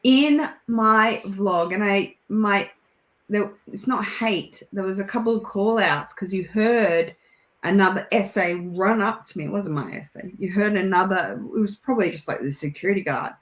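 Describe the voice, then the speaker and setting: Chatting as a guest on a video call, the Australian woman comes across as a lively storyteller who laughs a lot. She speaks at a moderate pace in a medium-pitched voice, and the sound is roomy.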